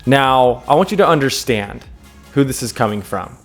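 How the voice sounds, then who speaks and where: Man, thirties, self-help vlogger, unscripted, earnest, emphatic, repeats himself, mid-pitched voice. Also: lively intonation, normal speed, soft background music. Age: 30s. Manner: checks in with the viewer with "okay?". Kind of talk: unscripted advice monologue.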